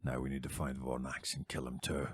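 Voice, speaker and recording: A man voicing a stern, vengeful male warrior who speaks in grim, slow threats. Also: extremely low pitch, completely flat delivery, husky, no room sound, studio quality, pitched below the performer's own voice.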